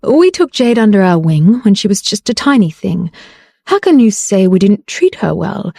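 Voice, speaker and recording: A scheming middle-aged woman answers with coquettish, falsely sweet calm, read by a woman narrator. The voice is mellow and warm, heard dry and close to the mic. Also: medium pitch, normal speed, gravelly, no echo.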